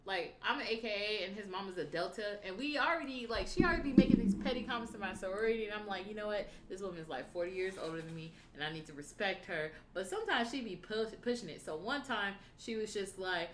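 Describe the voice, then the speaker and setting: A young woman telling a story in casual livestream chat, animated and profane, acting out the lines of the people in it. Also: mid-range voice, fast, few pauses, roomy sound, slight background noise. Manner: animated, profane, acts out quotes.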